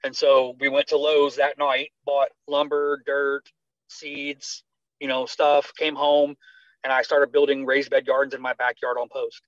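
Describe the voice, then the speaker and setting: Animated American man telling his story. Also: mid-range voice, measured pace, no echo. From United States. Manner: animated, acts out quoted dialogue. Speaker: guest, retired army medic. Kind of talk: conversational storytelling interview. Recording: slightly dull dry sound.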